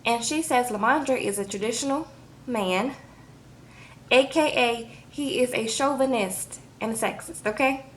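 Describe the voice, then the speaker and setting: A woman recapping a reality TV episode in a casual vlog, talking in an animated, sassy way, acting out quotes and tagging her lines with "okay?". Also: fairly high pitch, unhurried, a little hiss or hum.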